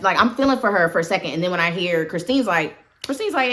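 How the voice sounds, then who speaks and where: A woman's voice: on the low side, animated, quick pace, pushed and bright. Chatty woman recapping a film. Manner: chatty, opinionated asides. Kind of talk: casual movie recap commentary.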